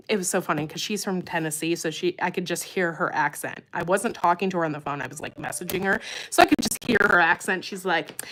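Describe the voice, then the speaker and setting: Low-voiced woman rambling on a livestream. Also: a little fast, few pauses, fairly bright tone. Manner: rambling, enthusiastic, repeats words. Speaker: farm channel host. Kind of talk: casual livestream chat.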